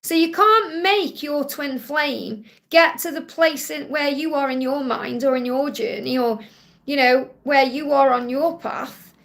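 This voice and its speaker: A woman with a Stoke-on-Trent accent answers viewers' questions on a live spiritual stream. Her voice sits high and has a gravelly rasp to it. She keeps a soothing, reassuring tone and often tags her points with "okay?". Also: a little slow, a bit bright. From England.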